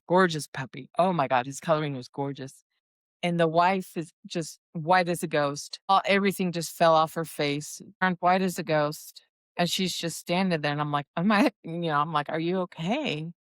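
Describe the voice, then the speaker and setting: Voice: mid-range voice, normal speed, fairly bright tone, no echo. A dog breeder telling stories in a casual, rambling chat full of asides. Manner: chatty and rambling, with many restarts and asides.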